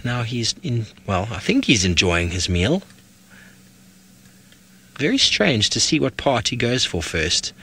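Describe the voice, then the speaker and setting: A man guiding a live safari broadcast outdoors, talking viewers through a wildlife sighting in lively commentary. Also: mid-range voice, unhurried, long pauses, slightly rough. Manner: animated, speaking to viewers directly. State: out of breath. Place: outdoors in the bush, on a game drive.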